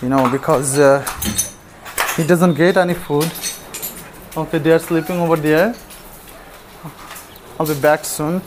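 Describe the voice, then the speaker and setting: Man, high voice, coos pet names at dogs, noisy outdoor street recording. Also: steady tone, measured pace, long pauses. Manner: coaxing, affectionate baby talk, frequent laughs. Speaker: vlogger feeding stray dogs. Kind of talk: casual vlog talk to dogs. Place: outdoors, terrace and stairs in a city.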